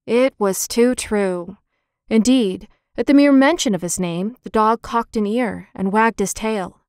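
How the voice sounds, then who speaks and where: A woman narrating a children's chapter book in a clear, gentle, expressive reading. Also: mid-range voice, a little slow, no echo, clean studio sound. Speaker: audiobook narrator. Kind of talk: scripted storybook narration.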